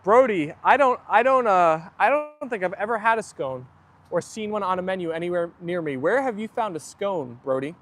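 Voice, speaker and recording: Young guy hosting a live stream, high-pitched voice, reads out chat comments, outdoors by a garden. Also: animated, normal speed, a bit bright, a little hiss or hum. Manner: chatty, reads viewer comments aloud. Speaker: livestream host. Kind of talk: casual livestream chat reading comments.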